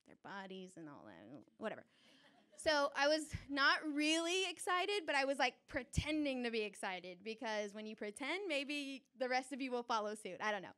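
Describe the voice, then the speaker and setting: A young woman tells a personal story on a theater stage before a live audience. Her voice sits a little high. She talks in an animated, chatty way and often breaks into laughter. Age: young adult.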